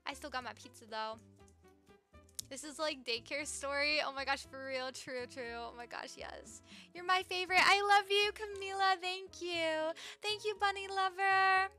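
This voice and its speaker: A young woman with a high, bright voice chats bubbly through a live gameplay stream, greeting viewers and reading their comments aloud. She talks into a desk mic at home, with soft game music behind her.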